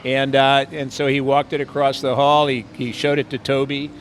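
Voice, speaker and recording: An older actor rambles through anecdotes outdoors on a city street during an interview, using frequent fillers and doing playful impressions. His medium-pitched delivery is flat and moderately paced, with a bit of hiss or hum.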